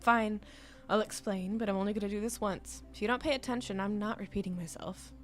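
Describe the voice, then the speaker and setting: A streamer voicing a gruff, grumpy young male shopkeeper in a curt, blunt manner, with faint game music behind. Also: steady tone, fairly quick, lightly acted. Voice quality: lowered, blunt, curt delivery.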